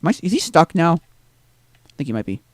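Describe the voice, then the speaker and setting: A man's voice: fairly high pitch, very animated, brisk, dry recording. A man streaming a video game live, rambling to himself with tag questions and drifting into exasperated rants. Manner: exasperated ranting. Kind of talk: live gameplay commentary.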